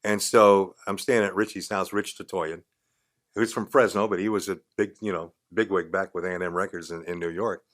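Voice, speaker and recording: Blunt and profane, an older radio talk show host spins casual anecdotes as a guest in a podcast studio. He speaks at normal speed in a low, fairly bright voice with mostly even intonation.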